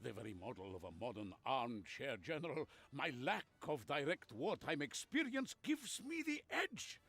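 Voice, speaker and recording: An actor playing a pompous male armchair general in a video game, with a gravelly voice. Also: mid-range voice, big pitch swings, normal speed, fairly bright tone, exaggerated voice. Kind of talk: video game character dialogue.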